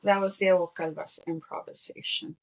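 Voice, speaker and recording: A woman's voice: on the low side, steady tone, moderate pace, rough recording. A woman co-hosting a casual movie podcast with her husband, chatty and explaining details. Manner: chatty, explains and translates lines. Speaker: podcast co-host.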